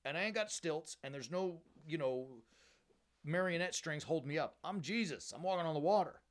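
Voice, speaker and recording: A man's voice: a little high, lively intonation, normal speed, lightly acted. A male preacher voicing a slangy, chiding adult male teacher figure who asks exasperated rhetorical questions.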